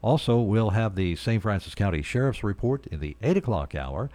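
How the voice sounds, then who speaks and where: Male morning radio host, low lively voice, relaxed and rambling. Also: normal speed, no room sound. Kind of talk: casual radio announcing.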